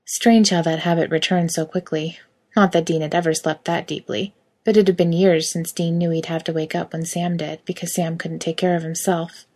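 A woman reading a piece of fiction aloud in a steady storytelling manner. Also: on the low side, moderate pace. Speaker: reader. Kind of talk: audiobook reading of fan fiction.

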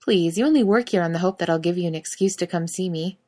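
A woman voicing an unflappable male head cashier with a smooth, indulgent manner. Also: fairly low pitch, quick pace, warm tone, close to an everyday voice. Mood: wry.

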